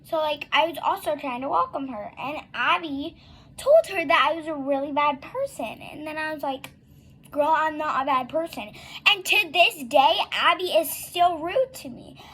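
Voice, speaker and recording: Rambling high-voiced girl telling a story. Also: moderate pace, fairly bright tone. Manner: rambling, many fillers and likes, acts out quoted dialogue. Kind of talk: casual storytime vlog.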